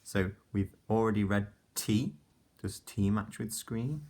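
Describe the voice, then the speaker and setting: A deep-voiced male teacher takes his time, drawing out each letter sound as he walks little ones through a rhyming lesson. His voice is low and slightly husky, gentle and unhurried, with warm praise between the words. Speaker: primary school teacher. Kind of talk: phonics lesson for young children.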